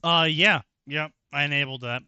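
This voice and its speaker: A man's voice: fairly high pitch, normal speed, bright, forceful tone, clear, resonant tone, no echo. A man co-hosting a stream, reading fanfiction aloud and making dry sarcastic asides. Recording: dry, dull lo-fi mic.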